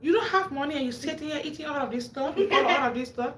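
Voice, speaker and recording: A high-voiced African woman hosts a livestream, telling animated stories to her live audience at a quick pace. She laughs often and acts out quotes with a rising voice, and the audio is reverberant with background noise.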